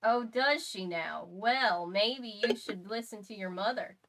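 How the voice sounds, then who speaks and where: A woman voicing a sad, kindly older drifter man in a cowboy drawl, folksy and gentle, read aloud from a novel. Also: sits high, unhurried. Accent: American cowboy drawl.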